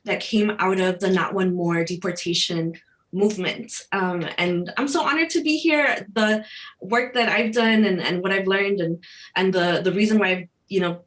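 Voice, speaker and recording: A woman's voice: medium pitch, normal speed, fairly bright tone. A woman from Chicago, a national organizer, speaking earnestly on a video-call panel, with many restarts. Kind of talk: panel discussion talk.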